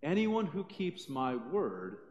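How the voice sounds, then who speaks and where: A man doing a calm, authoritative teacher. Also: dull audio, slight background noise. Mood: solemn. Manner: low, quiet and measured. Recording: echoey church hall.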